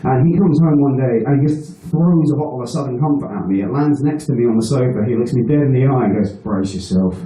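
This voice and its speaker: A man's voice: medium pitch, fast, few pauses, dark tone. A man doing a stand-up set, telling a rambling, crude story, swearing often and laughing at his own jokes. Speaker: stand-up comedian. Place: live venue with an audience. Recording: echoey room, mic heard from a distance.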